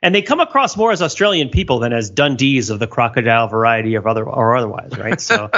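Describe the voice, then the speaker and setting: A man hosting a casual podcast with a lively, wandering voice that rises and falls a lot. He talks in a wry, rambling way, and the recording sounds a bit dull and muffled. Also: medium pitch, fast talker. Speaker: podcast host. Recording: slightly muffled podcast audio.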